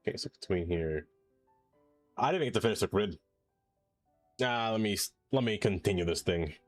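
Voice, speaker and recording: A man's voice: sits low, lively intonation, a little fast, no echo, soft background music. A man streaming a city-building game, chatting casually and joking to himself as he plays. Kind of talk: casual gameplay commentary.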